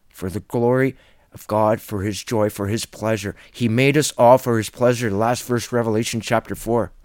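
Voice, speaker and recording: An earnest man preaching in a solo Bible teaching video, insistent and firm in his delivery. His voice sits at an ordinary male pitch. The recording is dry and close, with no room sound. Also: dry recording.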